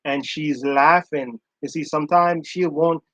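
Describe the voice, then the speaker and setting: A man's voice: fairly high pitch, steady tone, a little slow, a bit bright, dry recording, poor audio. A man giving casual, emphatic commentary on a live stream, reacting to audio he plays and repeating his points. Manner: emphatic, chatty, repeats himself.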